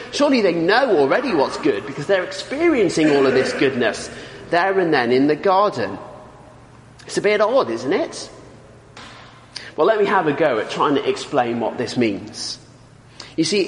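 A man preaching a sermon, emphatic, putting rhetorical questions to his listeners. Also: a little high. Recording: echoey hall with long reverb.

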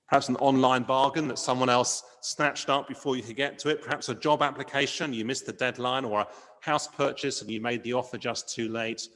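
A man's voice: medium pitch, creaky, big-room sound. A man preaching a sermon in an earnest manner, asking rhetorical questions and leaning on key words. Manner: earnest, varies loudness for emphasis, rhetorical questions.

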